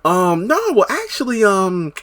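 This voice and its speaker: A man doing a coy, high-voiced flirty woman. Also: sing-song, a little slow, a bit bright, full character voice. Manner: coy, teasing.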